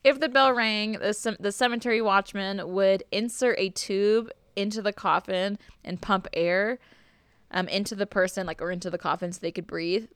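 A young woman tells a spooky history story to a friend in a loose, chatty podcast voice, cursing now and then. Her voice is smooth and clear, and the sound is dry and close, with no room around it. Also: medium pitch, fairly even intonation, normal speed, fairly bright tone, no echo. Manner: chatty, swears freely, laughs while telling. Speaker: podcast host. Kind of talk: casual storytelling chat.

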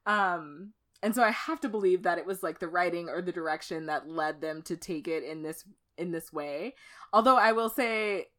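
A woman co-hosting a casual podcast, her voice sitting a little low. She chats loosely about a TV show, laughs a lot, and swears offhandedly. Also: normal speed, fairly bright tone. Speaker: podcast co-host.

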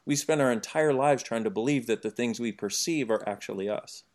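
A man talking as an interview guest, animated and jokey, explaining his ideas through everyday examples. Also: mid-range voice, fairly quick. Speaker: podcast guest. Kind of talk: conversational interview.

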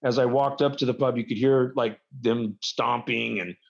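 Self-deprecating stories come rambling out of a wrestler as he chats informally as an interview guest. His medium-pitched voice has vocal fry, fairly even intonation, and a moderate pace; the recording quality is dull and lo-fi.

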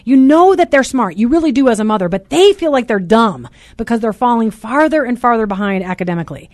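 A loud, chatty woman hosting a casual talk radio show from a studio. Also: a little high, expressive, fast, no echo. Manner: loud and chatty, says so herself.

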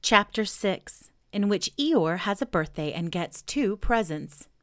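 A woman hosting a children's story podcast, reading a book aloud gently and enthusiastically. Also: mid-range voice, animated, slow, faint music behind. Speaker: storybook reader and podcast host.

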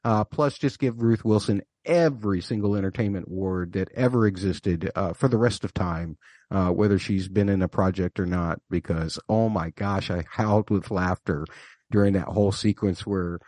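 Male podcast co-host, lower voice, casual and wry, filler-heavy, dry sound. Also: normal speed, a little mellow, no echo. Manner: chatty, many fillers, wry.

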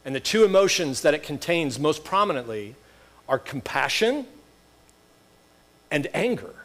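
A man's voice: a little high, sing-song, a little slow, fairly bright tone. A man preaching a sermon as pastor, conversational, with rhetorical questions and wry asides.

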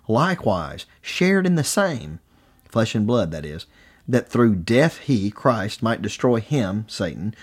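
A male preacher with a fairly low voice delivers a sermon at an unhurried, measured pace. He reads scripture with deliberate, emphatic pauses.

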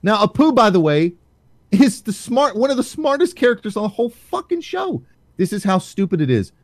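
A man's voice: sits high, sing-song, fairly quick, no echo. Sarcastic man ranting, dry sound. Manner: profane, heated, sarcastic. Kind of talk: casual ranting chat.

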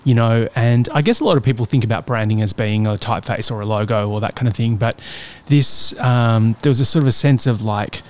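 A man's voice: mid-range voice, brisk, a little mellow. An Australian man hosting a podcast, asking long, reflective questions full of fillers. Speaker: podcast host. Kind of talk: interview conversation.

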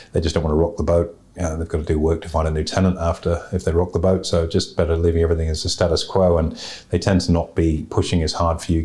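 A man's voice: sits low, mellow. A man hosting a podcast, giving blunt, opinionated, plain-spoken advice in a casual way. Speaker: podcast host giving property investment advice.

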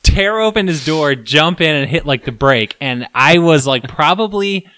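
A man hosting a casual podcast, telling a story in an animated way and acting out his own shouts. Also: a little high, a little slow, clear, resonant tone. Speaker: podcast host.

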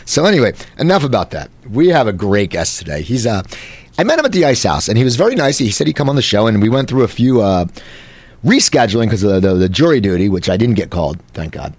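A man's voice: on the low side, sing-song, fast, a little mellow, no echo. A man in his late forties from New Jersey, hosting a casual talk show and telling stories in a rambling way with many restarts. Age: 40s. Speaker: host.

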